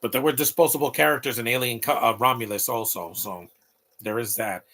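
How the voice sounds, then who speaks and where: A man's voice: medium pitch, fairly even intonation, fairly quick, sharp tone. A man in his late thirties giving opinionated, rambling live commentary over a movie, talking back at the screen. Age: late 30s.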